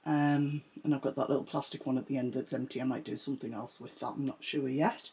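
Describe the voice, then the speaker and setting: Husky lady showing off her sewing room, bit out of breath, rambly chatty vlog feel. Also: a bass voice, steady tone, fast talker, dark tone. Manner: chatty, rambling, shows things as she talks. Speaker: sewing vlogger. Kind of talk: casual room-tour chat.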